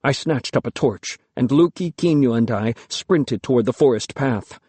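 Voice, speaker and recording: A man narrates a first-person audiobook in a lyrical, measured way at a middling pitch, his voice expressive and mellow with a breathy edge. The sound is dry and close, with no room echo.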